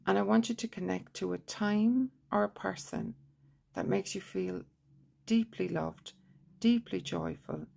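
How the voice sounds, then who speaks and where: A woman leads a guided tapping session, repeating affirmations softly and steadily. Her voice carries a heavy gravelly fry with a husky, breathy edge, and she often lets it drop low and quiet. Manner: soft, repetitive guided affirmations. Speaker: tapping therapy teacher.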